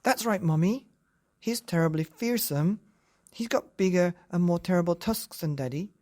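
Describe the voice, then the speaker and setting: A man voicing a small, eager young Gruffalo child telling tales in a bedtime story. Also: high-pitched, normal speed, darkish tone, pitched above the performer's own voice, lightly acted. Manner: eager, tattling.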